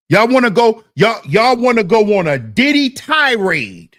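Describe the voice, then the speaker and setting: A man's voice: high voice, very animated, a little slow, hardly any pauses, a bit bright, dry recording, clean studio sound. Emphatic man reacting to a clip. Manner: emphatic, repetitive, talks to the chat. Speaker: commentator.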